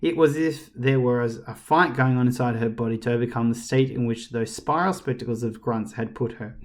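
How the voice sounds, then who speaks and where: A man reading a children's book aloud as a storyteller, expressive and talking straight to the reader. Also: mid-range voice, fairly quick. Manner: expressive, addresses the reader directly.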